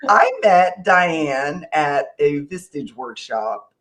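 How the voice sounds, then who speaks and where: A man's voice: on the high side, animated, slow pace, a bit bright. A man hosting an interview podcast, leading in with fillers and friendly asides. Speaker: podcast host. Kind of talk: conversational interview.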